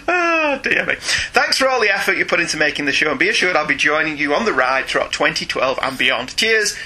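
A man's voice: on the high side, animated, quick pace, hardly any pauses, sharp tone. A middle-aged British man co-hosting a podcast, reading listener emails aloud, teasing and laughing often. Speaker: podcast co-host, father.

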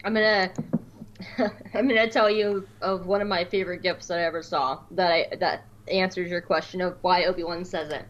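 A woman co-hosting a podcast in casual chat, animated and laughing as she acts out quotes. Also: lowish voice, moderate pace, highs cut off, slight background noise. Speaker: podcast co-host.

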